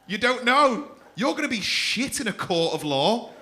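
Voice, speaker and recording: A man's voice: high voice, very animated, normal speed, pushed and bright. A man with a Mancunian accent doing stand-up crowd work in a comedy club, teasing audience members with a lot of swearing and laughing through his own jokes. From North West England.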